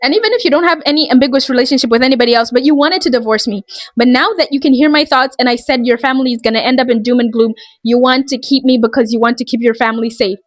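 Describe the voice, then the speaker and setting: Exasperated rambling woman, higher voice. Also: racing, no room sound. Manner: rambling, exasperated, heavy use of "like". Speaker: vlogger. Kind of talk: casual ranting commentary.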